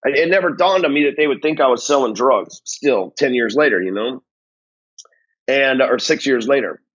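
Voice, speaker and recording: A man's voice: medium pitch, normal speed, fairly bright tone, slightly rough, highs cut off. A man from North Texas, telling his own story in a blunt, angry, profane monologue as a sales coach. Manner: blunt, angry, swears constantly.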